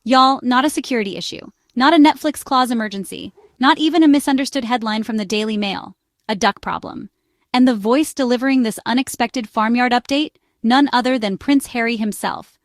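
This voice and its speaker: A woman's voice: a little high, a little fast, dry recording, clean studio sound. A woman reading a scripted narration in a playful, dramatic way. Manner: playful, dramatic build-ups.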